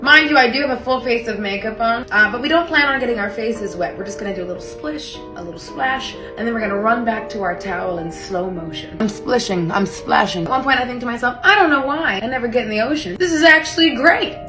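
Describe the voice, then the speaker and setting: Bright-voiced woman telling a comic story. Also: on the high side. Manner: animated, self-mocking comic storytelling. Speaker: vlogger. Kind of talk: comedic storytime while doing makeup. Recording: echoey room with faint music.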